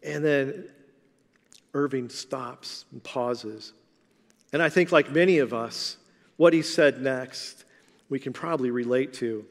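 A man preaching as a pastor, telling a story in an animated way with big swings in loudness. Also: mid-range voice, takes it slowly, pauses often. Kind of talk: storytelling sermon. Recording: long reverb of a large hall.

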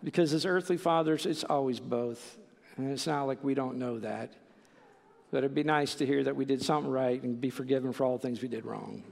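A man's voice: medium pitch, fairly even intonation, fairly quick, vocal fry, a little mellow, long reverb tail. A middle-aged man preaching a sermon in a conversational way, full of fillers and "right?" asides. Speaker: pastor.

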